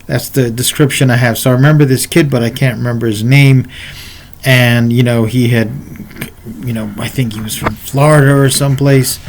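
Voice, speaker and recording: A man's voice: mid-range voice, steady tone, normal speed, slight background noise. A man telling a personal story in a casual, rambling way, speaking to the viewer in asides, as a martial arts instructor.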